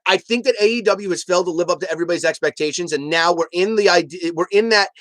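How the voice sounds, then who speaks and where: A live stream host giving heated commentary, arguing emphatically with chat and rising to near shouts. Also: mid-range voice, dry recording. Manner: animated ranting, emphatic and repetitive.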